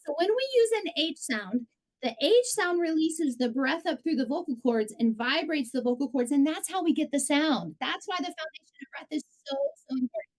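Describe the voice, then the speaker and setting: A woman singing teacher leading a live group voice lesson, coaching warmly and singing warm-up syllables to demonstrate. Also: sits high, animated, brisk, rough recording. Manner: encouraging, coaching between sung vocal drills.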